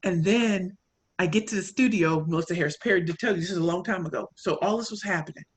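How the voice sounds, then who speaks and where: A woman from St. Louis with a St. Louis accent, telling a story and coaching in an animated, audience-directed way. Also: fairly low pitch, rapid-fire, breathy edge. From St. Louis, Missouri. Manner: animated, addresses audience as y'all, acts out quoted lines. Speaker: pitch coach and speaker. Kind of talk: motivational talk, storytelling.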